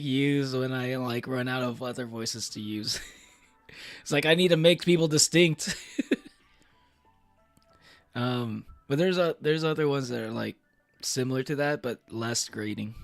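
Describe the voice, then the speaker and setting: A man's voice: mid-range voice, a little slow, long pauses, no room sound, soft background music. A young man streaming, chatting casually to his viewers in a rambling way, with many fillers and restarts and frequent laughs. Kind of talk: casual livestream chat.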